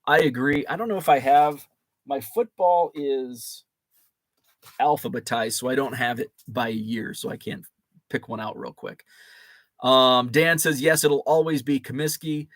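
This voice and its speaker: A man's voice: mid-range voice, unhurried, a bit bright, dry recording. A man, hosting a casual live chat and reading viewer comments with many fillers and restarts. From Chicago area. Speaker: host.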